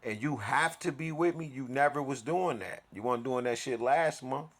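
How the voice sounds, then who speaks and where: A man's voice: mid-range voice, moderate pace. A man telling an aggrieved story in a profane, heated monologue, restarting and repeating himself as he vents. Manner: aggrieved, ranting, repetitive restarts. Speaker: vlogger.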